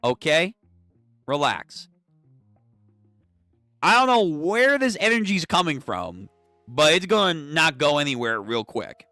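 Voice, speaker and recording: A young man hosting a casual comic read-through, excitable and swearing freely. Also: a little high, takes it slowly, long pauses, no room sound, faint music behind. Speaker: channel host.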